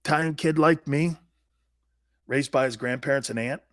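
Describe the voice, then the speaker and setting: A man's voice: medium pitch, normal speed, no echo, studio quality. A man in his fifties, a sports talk host and former pro player, telling personal stories in a blunt, emphatic way with salty slang. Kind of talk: animated personal storytelling.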